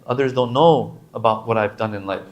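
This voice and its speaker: A male preacher giving a sermon, switching between quick Arabic recitation and relaxed English explanation. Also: mid-range voice, highs cut off. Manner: chants Arabic lines rapidly then explains in casual English.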